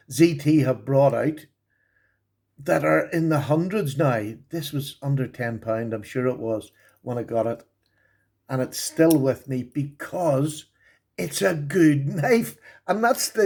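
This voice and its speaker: An enthusiastic man talks through his collection in a relaxed show-and-tell review. His voice sits a touch higher than most men's. He keeps circling back to repeat his praise, full of chatty asides.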